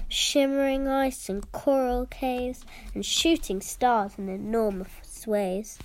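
A woman reading a rhyming picture book aloud, in a lilting delivery that drops to soft whispers at times. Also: fairly high pitch, takes it slowly, hardly any pauses, low-quality recording. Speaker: storyteller.

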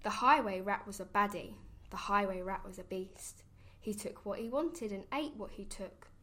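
A woman reading a rhyming children's picture book aloud, with a rhythmic, expressive sing-song delivery. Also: medium pitch, normal speed. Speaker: storybook reader.

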